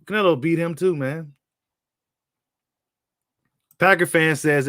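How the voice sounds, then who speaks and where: A man's voice: a little high, slow, pauses often, a bit bright, no echo, clean studio sound. A man hosting a casual live stream about boxing, talking in a blunt, slangy way and often repeating his points. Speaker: boxing commentator host.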